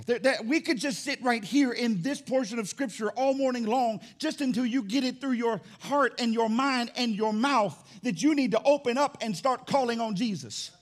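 Loud, high-pitched preaching pastor. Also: male voice, lively intonation, normal speed, hardly any pauses. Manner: loud, swinging between shouting and hushed. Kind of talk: sermon. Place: church sanctuary.

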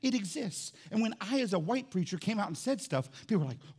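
A man preaching a lively sermon as pastor in a church, swinging between shouts and low asides. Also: fast talker, creaky, hardly any pauses. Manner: animated, shouts and drops low, playful asides. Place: church sanctuary.

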